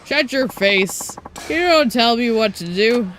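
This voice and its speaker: A woman's voice: a little high, expressive, slow, fairly bright tone. Lady reading a tipsy old-timey ballplayer dude, brash and cocky, kinda faint hiss behind. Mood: belligerent. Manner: reading game dialogue aloud, brash, old-timey slang. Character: drunk folksy middle-aged male ex-baseball ace.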